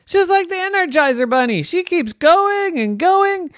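Adult voicing proud cheering family, high excited tone, lively swoops, dry. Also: a little slow, no room sound. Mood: amazed.

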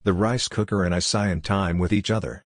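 A man narrating a story in an even, measured reading. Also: low voice, no room sound, clean studio sound. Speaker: audiobook reader.

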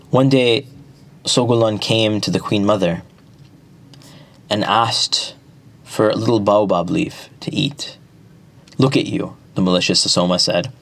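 A man narrating an epic folk tale at a measured pace, with small restarts. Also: lowish voice, a bit bright, dry recording. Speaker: storyteller.

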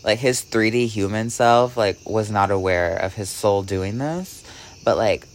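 A man vlogging, telling a rambling story with "like" in almost every phrase and swinging between hushed and excited delivery. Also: on the low side, a little slow. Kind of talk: casual storytelling vlog.

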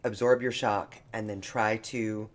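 A man's voice: lowish voice, little pitch movement, unhurried, a crowd in the background. Earnest man co-hosting a podcast. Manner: earnest, heartfelt. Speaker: podcast co-host. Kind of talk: casual chat.

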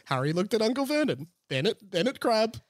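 A woman's voice: fairly high pitch, very animated, a little fast. A woman co-hosting a podcast, chatting casually about a story and laughing often. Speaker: podcast co-host. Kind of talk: casual chat.

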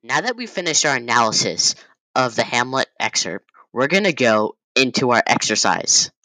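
A young man giving a casual class presentation, loose and halting with many fillers and restarts. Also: mid-range voice, sing-song, sharp tone, dry recording, low-quality recording. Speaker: student presenter.

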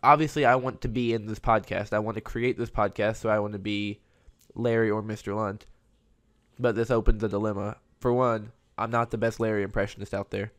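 A man's voice: fairly low pitch, steady tone, fairly quick, fairly bright tone. A man hosting his own podcast, talking alone in a rambling, conversational way. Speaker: podcast host. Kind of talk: casual solo podcast monologue.

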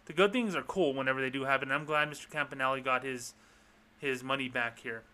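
A man's voice: mid-range voice, quick pace, sharp tone. A man hosting a podcast in a blunt, sarcastic, profane ranting style. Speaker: podcast host.

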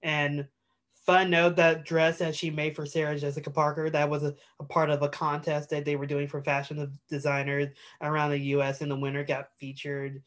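On the high side and a bit bright, this man's voice stays monotone at a normal speed as he co-hosts a podcast. His casual chat rambles, full of fillers and restarts.

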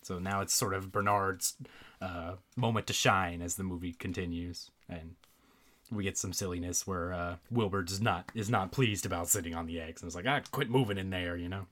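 Low-voiced man recapping a movie. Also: steady tone, normal speed, fairly bright tone. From Arkansas, USA. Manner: laughs often, acts out characters' lines. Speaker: podcast co-host. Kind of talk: casual movie recap chat.

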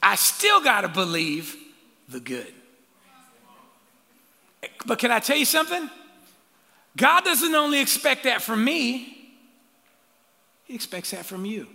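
A man preaching a sermon as the pastor, animated, with call-outs and playful asides to the congregation. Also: very high voice, slow, gravelly, long pauses. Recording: long hall reverb.

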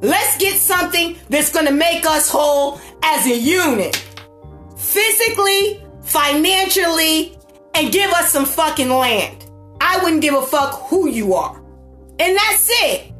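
A woman delivering an impassioned, profane political rant, repeating herself and shouting at times. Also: very high voice, lively intonation, unhurried, roomy sound, soft background music. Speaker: political commentator.

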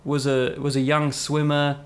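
A man's voice: fairly high pitch, monotone, a little slow. A young man, a podcast guest telling rambling, self-mocking stories with lots of fillers. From South Africa. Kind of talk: casual conversational storytelling.

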